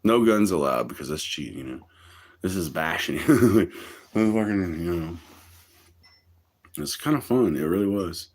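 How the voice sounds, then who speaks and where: A man talks loosely on his livestream, cursing freely and breaking into laughter as he rambles. His voice sits low and husky. His pitch jumps around animatedly. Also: lively intonation, a little slow, long pauses. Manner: profane, laughs often, drawling storytelling. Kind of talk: rambling casual livestream chat.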